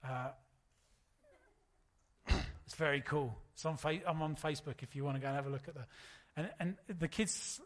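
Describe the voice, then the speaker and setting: A man, preaching a sermon in a relaxed, storytelling way. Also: on the high side, normal speed, pauses often. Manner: conversational, anecdotal preaching. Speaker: pastor.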